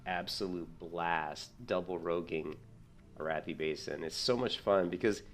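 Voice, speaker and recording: A man chatting casually while gaming, telling animated stories and jumping up high when he quotes himself. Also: measured pace, soft background music. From United States. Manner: storytelling, jumps high when quoting himself. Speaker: gaming streamer.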